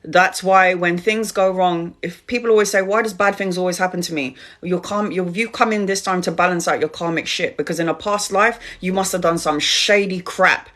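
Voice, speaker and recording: A woman's voice: lowish voice, normal speed, few pauses, fairly bright tone. Middle-aged woman, tarot reader, live-stream spiritual talk, emphatic, repeats herself, speaks straight to viewers.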